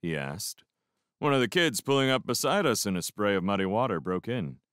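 A man narrating a novel in the first person as a fan audiobook reader, with an expressive delivery and reflective pauses. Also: lowish voice, clear, resonant tone, no echo, studio quality.

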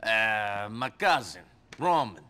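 An actor playing a hardened war veteran in a game, talking in a grim, dry, deadpan way. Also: male voice, on the low side, takes it slowly, a crowd in the background. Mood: defiant. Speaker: game protagonist.

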